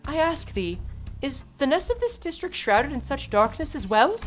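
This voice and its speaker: A woman's voice: sits high, very animated, moderate pace, soft background music. A woman voicing a chivalrous, theatrical young knight girl who talks in grand, archaic phrases. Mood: grandiose.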